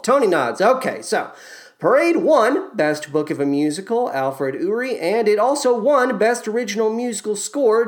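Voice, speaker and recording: A man hosting a podcast, reading a scripted musical theatre recap in a playful way with quick asides. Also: high voice. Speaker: podcast host.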